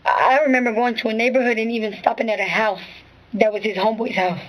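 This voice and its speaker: A woman's voice: fairly high pitch, steady tone, fast talker, low-quality recording. A woman being questioned as a witness, giving a rambling, profane spoken account full of restarts and filler phrases. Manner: rambling, profane, full of restarts and "you know what I'm saying".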